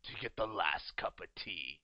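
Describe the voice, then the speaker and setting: A man's voice: low-pitched, expressive, unhurried, no room sound. An American man interviewing a guest in a casual, joking chat, laughing often as he riffs on bits. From United States. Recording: dry, dull lo-fi sound.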